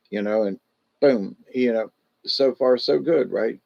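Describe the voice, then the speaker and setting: A man's voice: fairly low pitch, measured pace, creaky, muffled recording. A man chatting casually on a livestream from home, rambling in a folksy, repetitive way and leaning on "you know". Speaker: livestream host.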